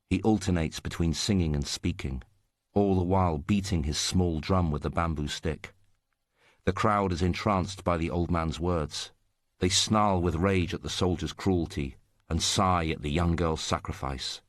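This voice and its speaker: A man reading a story aloud in a steady, scripted narration. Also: a bass voice, a little slow, no echo, studio quality.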